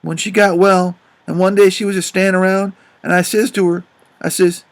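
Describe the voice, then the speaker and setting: Guy doing a gravelly grieving dad with a drawl, high-ish voice, busts out loud sometimes. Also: little pitch movement, moderate pace. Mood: remorseful. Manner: drawling, swells to loud outbursts. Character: grieving remorseful grown father, rough and tender. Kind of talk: audiobook character reading.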